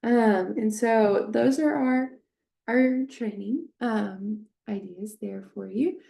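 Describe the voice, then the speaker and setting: A woman teaching a speech-therapy technique, speaking hesitantly with many fillers and slowly modeling short phrases with strong stress. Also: on the high side, creaky, dark tone. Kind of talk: instructional demonstration.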